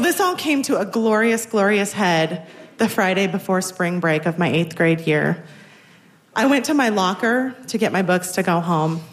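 A woman in her forties telling a personal story on stage with wry, self-deprecating humor. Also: medium pitch. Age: 40s.

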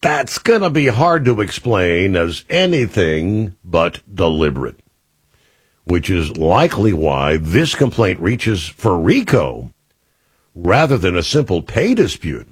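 Husky deep-voiced male talk radio host. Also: very animated, takes it slowly, no echo. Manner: conversational, opinionated asides, frequent "uh" fillers. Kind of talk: talk radio news commentary.

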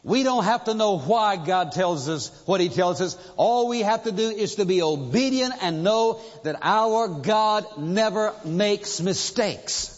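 A man with a fairly high voice preaching emphatically and asking rhetorical questions. His storytelling rings through a large church hall with a long reverb. The recording is dull and lo-fi. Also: animated, measured pace, hardly any pauses. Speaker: pastor. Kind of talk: sermon.

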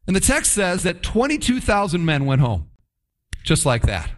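A man preaching a sermon, reading scripture and explaining it in an animated, storytelling way. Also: high-pitched, normal speed. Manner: animated, acts out scenes in voices.

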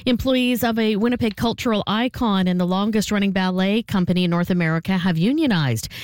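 A woman reading a radio news update in a steady, measured newsreader manner. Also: medium pitch, no room sound. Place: radio studio.

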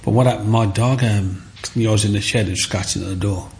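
An older man, telling stories from his childhood in an interview with animated, storytelling energy. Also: lowish voice, fast, a little hiss or hum. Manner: animated storyteller, acts out the voices of others.

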